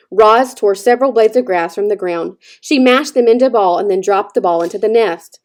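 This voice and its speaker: A woman teacher reading a children's novel aloud with expressive storytelling. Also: medium pitch, a little fast, few pauses. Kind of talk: children's book read-aloud.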